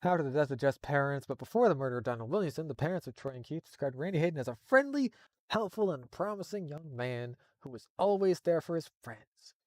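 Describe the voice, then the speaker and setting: A man's voice: on the high side, lively intonation, quick pace, no echo. A man reading a horror story live, breaking off for exasperated, profane asides. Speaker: streamer reading creepypasta.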